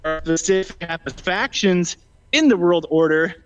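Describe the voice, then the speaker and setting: A man with a high, clean voice speaks a little fast as a guest in a casual political debate, slightly out of breath and full of ums and restarts. Faint music plays behind him, and the recording has a dull lo-fi sound.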